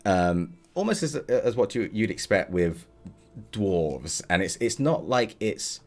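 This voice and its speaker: Deep-voiced male game master. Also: big pitch swings, slow pace, a little mellow. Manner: casual, rambling, with fillers and chuckles. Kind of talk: narrating a tabletop game.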